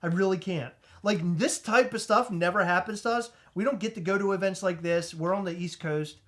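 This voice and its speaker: A man co-hosting a podcast, telling a comedic story in an animated, excitable way, stumbling over restarts and shouting out retold lines. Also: high-pitched, brisk, slight background noise. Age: adult with a child. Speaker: podcast co-host.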